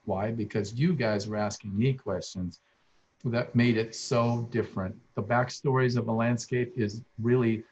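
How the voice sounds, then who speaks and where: A man's voice: fairly low pitch, darkish tone. Older guy getting teary telling garden stories, kinda rambly, dull muffled video call sound. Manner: emotional, rambling, with frequent restarts. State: tearful. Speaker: guest speaker, landscape architect. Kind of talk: heartfelt personal storytelling.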